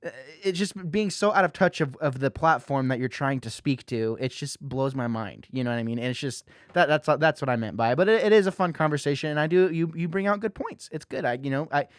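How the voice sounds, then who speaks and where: Guy hosting a podcast, rambling and animated, lots of "you know", dry close mic. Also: on the high side, no echo. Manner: animated, fast, many fillers like "you know". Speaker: podcast host. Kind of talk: casual podcast chat.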